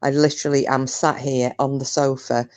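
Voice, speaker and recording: British woman hosting a live stream from home; chatty, jumpy, quick to giggle. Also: a bass voice, little pitch movement, a little mellow. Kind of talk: casual live-stream chat. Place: home sofa.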